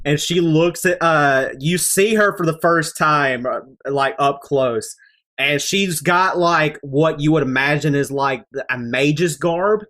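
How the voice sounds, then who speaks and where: A woman narrating as game master in a halting way with many fillers. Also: low-pitched, fairly bright tone.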